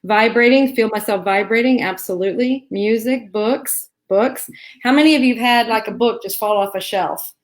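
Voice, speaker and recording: A woman's voice: a little high, moderate pace. A woman from Arkansas co-hosting a live spiritual Q&A, talking in a reassuring, chatty way and laughing often. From Arkansas, USA. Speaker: co-host. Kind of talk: live Q&A chat. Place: home.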